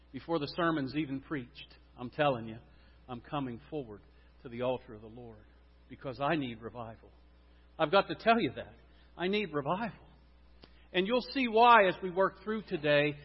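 Preaching man, hushed to booming, reverberant hall. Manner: dramatic swings from loud declaring to hushed prayer. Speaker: pastor. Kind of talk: sermon. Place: church sanctuary. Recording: dull lo-fi sound with long hall reverb.

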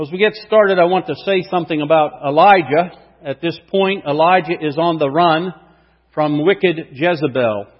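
A male pastor preaching a sermon, emphatic, swinging between loud and hushed delivery. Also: sits high. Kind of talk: sermon with scripture reading. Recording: reverberant hall, dull lo-fi sound.

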